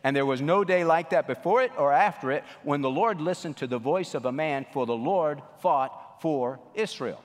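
A man preaching a sermon as a pastor, animated and emphatic, repeating phrases and swinging his voice up and down. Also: on the high side, moderate pace, few pauses. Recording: long reverb of a large hall.

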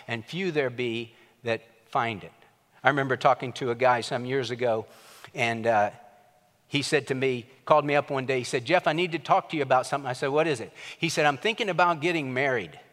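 A man's voice: medium pitch, brisk, a bit bright, long reverb tail. A man preaching a sermon, telling stories in a conversational way and building to emphatic points. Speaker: pastor.

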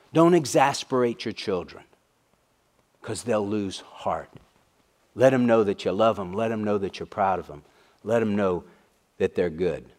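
A man's voice: lowish voice, darkish tone. A middle-aged man preaching a sermon to fathers, earnest and repeating key phrases for emphasis. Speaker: pastor.

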